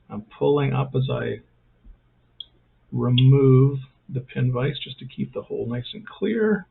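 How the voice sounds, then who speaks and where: A man's voice: medium pitch, lively intonation, takes it slowly, gravelly, pauses often, slight background noise. A man hosting a casual step-by-step hobby tutorial, talking in a rambling way with self-mocking jokey asides. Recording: thin phone-like sound.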